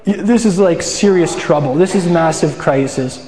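Chatty preacher in an echoey hall. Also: male voice, fairly high pitch, moderate pace. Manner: chatty, asks the audience questions. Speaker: pastor. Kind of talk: casual sermon teaching.

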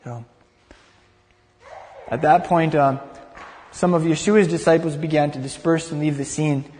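A man's voice: a little high, measured pace, darkish tone, slight background noise. A male preacher telling a story vividly in a sermon, often repeating words as he goes. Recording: long hall reverb.

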